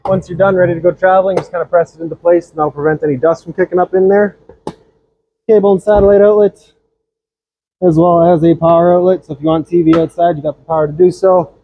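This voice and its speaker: A man's voice: high-pitched, fairly even intonation, quick pace, phone-quality sound. A man giving a practical, instructive walkthrough of a travel trailer, outdoors and then inside it. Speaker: RV sales walkthrough presenter. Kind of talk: casual product walkthrough.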